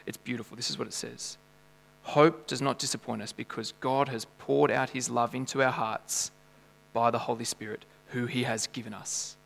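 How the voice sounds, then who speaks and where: A man, preaching a sermon earnestly, moving between loud emphasis and quiet, intimate moments. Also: mid-range voice, vocal fry. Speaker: pastor. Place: church hall. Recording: reverberant hall with mains hum.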